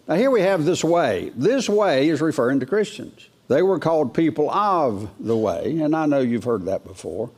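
Folksy preacher man teaching scripture. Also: a little mellow. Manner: folksy, rises in pitch when reading scripture aloud; asks the congregation questions. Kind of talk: folksy verse-by-verse sermon.

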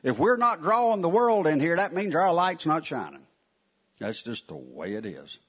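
A man preaching a sermon to his congregation in a church, folksy and animated, with asides to the listeners. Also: fairly high pitch, moderate pace, slightly rough. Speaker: pastor. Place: church sanctuary. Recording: muffled lo-fi sound.

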